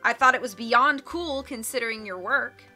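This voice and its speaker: Enthusiastic young guy explaining a film's history, as a woman reads him, sharp bright tone. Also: a little high, moderate pace, soft background music. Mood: eager. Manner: eager, explaining. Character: young adult male film buff.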